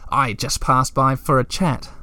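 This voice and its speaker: A man's voice: mid-range voice, fairly even intonation, unhurried, pushed and bright, no room sound. A man voicing an anxious, kindhearted young male troll creature in a storybook reading, talking nervously and pleading.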